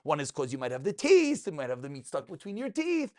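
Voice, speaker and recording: A man teaching a lively class, his voice pitched high and lively. He fires questions at his students, answers them himself and keeps things light with jokes. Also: fast talker. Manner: animated, joking, asks and answers his own questions. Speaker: rabbi teaching a Talmud class. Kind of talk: lively spoken Torah class. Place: class room with live students.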